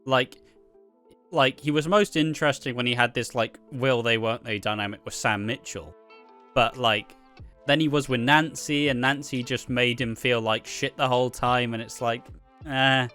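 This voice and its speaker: A man co-hosting a casual chat, blunt and sweary, putting on quick mimicry of the people he talks about. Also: medium pitch, bright, forceful tone, clean tone, soft background music. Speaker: podcast co-host.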